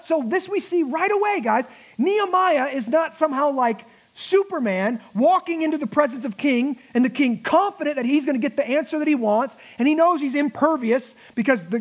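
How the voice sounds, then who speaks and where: A pastor preaching a sermon, emphatic, with laughing asides and slowed-down key words. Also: male voice, very high-pitched, rough recording.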